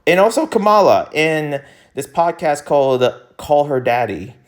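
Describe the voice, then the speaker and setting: A young man hosting a casual commentary vlog, rambling and laughing, with sudden jumps in pitch. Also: very animated, a little slow. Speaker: YouTuber host.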